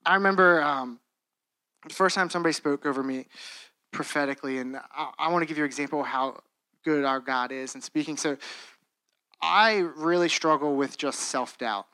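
High, bright-voiced young man preaching. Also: moderate pace, smooth, dry recording. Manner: earnest, conversational, with frequent restarts and "like". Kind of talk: sermon.

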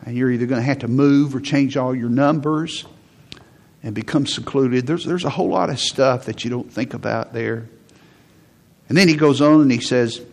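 A man's voice: medium pitch, normal speed, creaky, a little mellow. A man preaching a conversational sermon to a congregation, often acting out what people say. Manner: conversational preaching, acts out quotes. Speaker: pastor.

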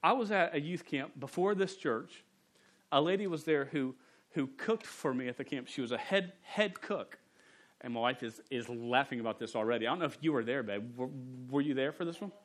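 A man, a pastor preaching a sermon in a church and telling stories in a relaxed, humorous way. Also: medium pitch, fairly quick. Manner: conversational, humorous storytelling. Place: church sanctuary.

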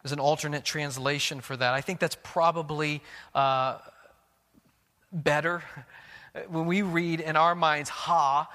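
A man's voice: fairly high pitch, steady tone, measured pace, long pauses, sharp tone, big-room sound. A man preaching a sermon as pastor, earnest and questioning, often restarting his words.

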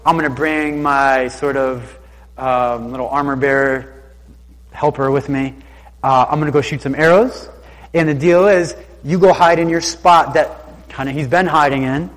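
A man's voice: on the high side, steady tone, normal speed. A man teaching from the Bible who reads each verse aloud and then retells it in loose, slangy everyday talk. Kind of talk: scripture reading with casual retelling. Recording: reverberant hall sound.

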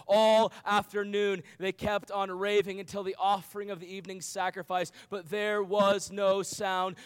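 A man's voice: high-pitched, clean tone. A man preaching a sermon to young people, earnest, with rhetorical questions and emphatic repetition. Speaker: youth pastor.

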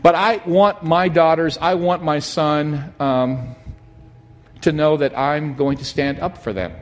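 A middle-aged man preaching a sermon, telling a personal story in an animated, emphatic way. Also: a little high, slow pace, slight background noise. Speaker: pastor.

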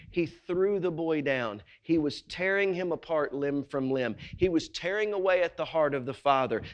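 Quick rhetorical questions mark this male pastor's sermon, which shifts back and forth between emphatic, loud sections and soft, low ones.

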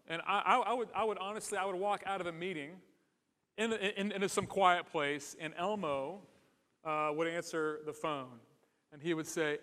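A pastor preaching a sermon in an earnest, conversational way, mixing in humor. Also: male voice, sits high, fairly bright tone, big-room sound.

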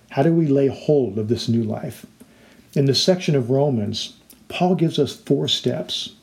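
A man's voice: medium pitch, a little mellow. A man preaching a sermon as a pastor, earnest and explanatory, now and then acting out the voices in his stories.

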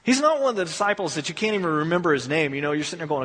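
A man with a high, slightly husky voice delivers a relaxed, story-driven sermon. He slips into quick voices for the people in his account. His words trail off into a long, echoing church reverb. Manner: conversational storytelling, acts out quotes. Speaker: pastor.

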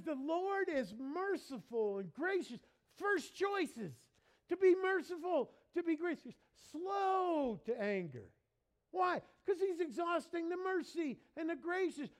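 A man preaching a sermon, repeating key phrases and dropping to a quiet voice for emphasis. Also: very high-pitched. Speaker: pastor.

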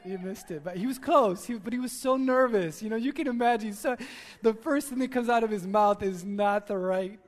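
A man preaching a sermon as a pastor in a church, telling stories in an animated way and acting out the voices. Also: high voice, big-room sound. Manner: animated storytelling, acts out screams and quotes. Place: church sanctuary.

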